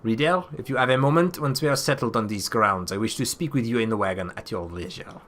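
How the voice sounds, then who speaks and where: A man voicing a mysterious, courteous wandering minstrel in a put-on French accent, with formal, measured speech in a video game. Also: mid-range voice, noisy background, natural voice. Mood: calm courteous.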